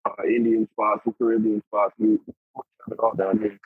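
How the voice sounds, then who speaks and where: Easygoing Texan man, podcast guest, slightly husky, heard over a thin remote call line. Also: on the low side, flat delivery, moderate pace, no echo. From Texas. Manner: easygoing, rambling with fillers. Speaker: podcast guest, apparel brand owner. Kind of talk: casual chat. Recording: tinny phone-like remote line.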